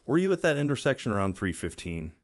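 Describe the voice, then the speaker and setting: A man voicing a calm police officer who speaks formally and politely, in a procedural way. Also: medium pitch, fast, no echo, studio quality, lightly acted.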